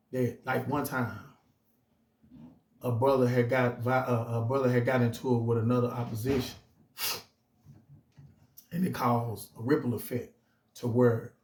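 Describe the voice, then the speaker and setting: A man's voice: medium pitch, darkish tone. Emphatic streetwise man, roomy echo. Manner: emphatic, streetwise slang, frequent restarts. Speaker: vlogger telling his own story. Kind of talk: casual storytelling monologue.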